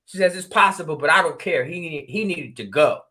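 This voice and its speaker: A man from Connecticut tells a story in an easygoing, talkative way. He acts out each side of the conversation with sudden exclamations. His voice sits high and sounds bright and forceful. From New Haven, Connecticut. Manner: animated, acts out dialogue with quick exclamations. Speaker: spiritual regression practitioner. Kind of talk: storytelling in casual talk.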